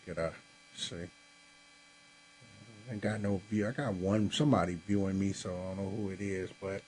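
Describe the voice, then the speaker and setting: A man's voice: low voice, fairly even intonation, normal speed, darkish tone, a little hiss or hum, rough recording. Tired laid-back man hosting a live podcast. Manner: laid-back, talks straight to viewers, says y'all. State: tired, yawning. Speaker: podcast host. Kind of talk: casual live-stream chat. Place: home room with a Christmas tree.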